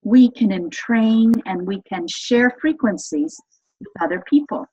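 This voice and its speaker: Husky-voiced woman guest explaining stuff, earnest and eager, kinda muffled lo-fi audio. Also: a little high, unhurried, darkish tone. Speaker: guest expert on voice and energy healing. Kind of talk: casual interview explanation.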